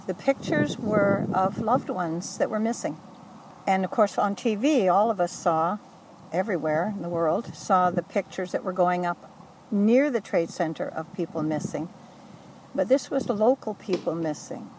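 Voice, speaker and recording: An older woman recounting memories in an earnest, halting way, often correcting herself mid-sentence. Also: mid-range voice, a little mellow, distant mic, slight background noise, rough recording. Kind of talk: oral history recollection.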